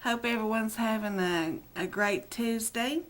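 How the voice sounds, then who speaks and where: A middle-aged woman video blogger chats casually to her webcam, rambling and self-deprecating, teary and near crying. Her voice is fairly high and a bit bright, and she speaks at a measured pace.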